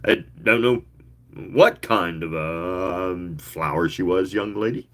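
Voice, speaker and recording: A man's voice: low-pitched, slow, fairly bright tone, heavily acted. A man reading a story aloud, voicing a flustered, portly older doctor who stammers and hesitates. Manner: stammering, then laughing heartily.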